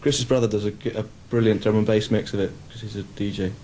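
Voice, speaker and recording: A man's voice: on the low side, fast, slight background noise, low-quality recording. A young man in his twenties, a band member, chatting candidly and wryly in a casual interview. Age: 20s. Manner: relaxed, candid and wry.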